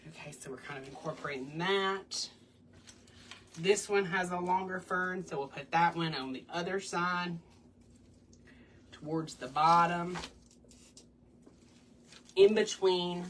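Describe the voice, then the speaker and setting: In her home craft room, a woman hosts a casual wreath-making tutorial, chatty and bubbly and breaking into little sing-song bits. Her lowish, fairly bright voice is slow with long pauses, sounding far from the mic with a little hiss or hum.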